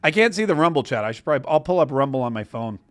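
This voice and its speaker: A man's voice: mid-range voice, very animated, racing, dry recording, studio quality. American guy hosting a live stream, rambly storyteller, keeps restarting sentences. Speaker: host of a live stream show. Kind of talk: casual live-stream chat.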